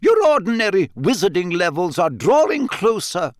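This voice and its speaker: A man voicing a strict older female professor with a crisp, scolding delivery. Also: sits high, very animated, normal speed, no echo, studio quality, voice pushed up. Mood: stern.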